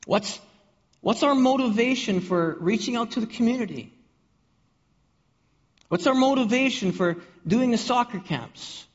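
Slow, high-voiced preacher in a reverberant hall. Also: male voice, animated. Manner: repeats words and restarts often, asks the congregation questions. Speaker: pastor. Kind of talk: sermon. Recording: dull audio with long hall reverb.

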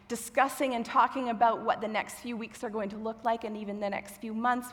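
A woman's voice: fairly high pitch, big-room sound. A young woman from children's ministry preaching a sermon on stage, chatty and self-deprecating, a little nervous. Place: church auditorium with stage lights.

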